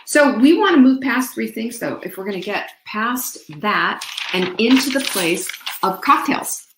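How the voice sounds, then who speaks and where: A woman's voice: fairly high pitch, animated, a little slow, noisy background. Chatty woman host doing a peppy motivational talk, bouncy voice, sings bits and does voices, echoey room. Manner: playful, chatty, addresses viewers as girlfriends; sings snippets and mimics voices.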